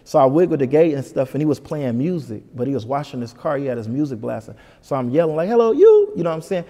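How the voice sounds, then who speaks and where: Man from Detroit, comedian guest, rapid-fire delivery, gravelly mellow voice, reverberant room. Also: mid-range voice. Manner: animated, puts on voices for people in his stories. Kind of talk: storytelling in a casual interview.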